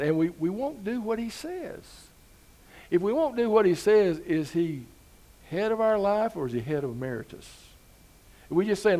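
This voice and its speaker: A man's voice: a little high, sing-song, moderate pace, long pauses, dark tone. A man preaching a sermon as pastor, talking to the congregation in an easygoing way with rhetorical questions and rising emphasis.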